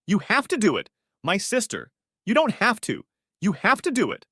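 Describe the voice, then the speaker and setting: A man's voice: mid-range voice, big pitch swings, moderate pace, a bit bright, dry recording, clean studio sound. A man voicing a distraught young adult daughter, tearful and pleading with her father. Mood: pleading, hysterical.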